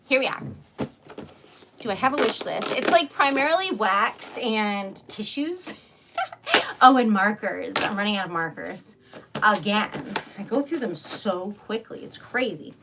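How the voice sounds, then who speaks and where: A woman's voice: medium pitch, animated, unhurried, heavy background noise. A young adult woman chatting casually on a craft livestream, giggly and talkative, often saying "y'all".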